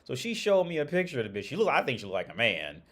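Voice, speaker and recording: A man's voice: medium pitch, wildly swooping pitch, fast talker, a bit bright. Rambling, profane man chatting casually on stream. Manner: rambling, profane, laughs often, many restarts. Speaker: livestream host. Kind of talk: casual livestream chat.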